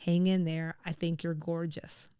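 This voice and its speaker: Chatty woman podcast co-host, smooth voice. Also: fairly low pitch, level tone, unhurried, dark tone, no echo, studio quality. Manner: chatty, laughs often, many fillers. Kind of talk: casual chat.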